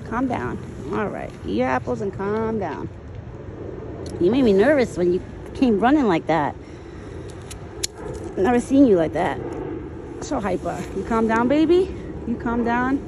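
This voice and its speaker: A woman's voice: fairly high pitch, background noise. A woman filming outdoors among trees and talking to her pet deer in doting baby talk, laughing often. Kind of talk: casual vlog narration.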